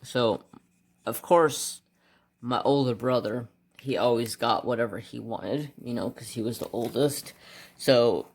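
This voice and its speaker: Coloring as he chats, an American craft channel host drifts between picking colors and a long childhood story. He mutters quietly while choosing, then gets louder and animated as the tale builds, his middle-pitched voice carrying a breathy edge at a measured pace.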